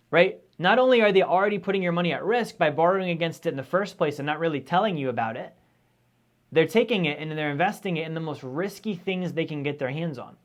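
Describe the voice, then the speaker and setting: Upbeat higher-voiced man teaching finance. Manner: energetic, conversational, keeps asking "right?". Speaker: finance educator. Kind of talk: live-streamed lecture.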